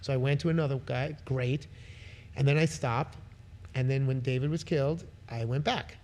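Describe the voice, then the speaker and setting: A man's voice: medium pitch, moderate pace. A middle-aged man telling stories as a podcast guest, acting out the voices of people in them. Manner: animated, acts out voices in his stories. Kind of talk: casual storytelling.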